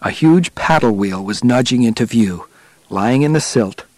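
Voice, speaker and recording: A man narrating a nonfiction adventure audiobook in a steady, measured storytelling manner. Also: medium pitch, no echo.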